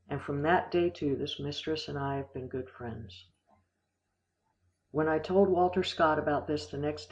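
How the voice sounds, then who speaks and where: A man narrating an audiobook in a calm, measured way. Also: on the high side. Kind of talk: audiobook reading. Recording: dull lo-fi recording.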